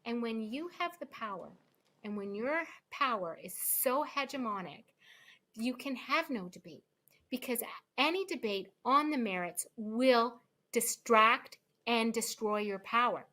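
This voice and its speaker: A woman speaks as a guest lawyer in a relaxed interview. Her voice sits a little high and sounds bright and forceful. She talks with emphatic energy and lots of fillers. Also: a little slow. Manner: animated, emphatic, many fillers. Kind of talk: casual interview chat.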